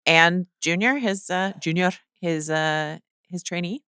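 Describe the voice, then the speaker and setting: A woman's voice: on the low side, measured pace, sharp tone, clear, resonant tone, dry recording, clean studio sound. A woman co-hosting a pop-culture podcast, making wry jokes and playful critiques. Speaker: podcast co-host.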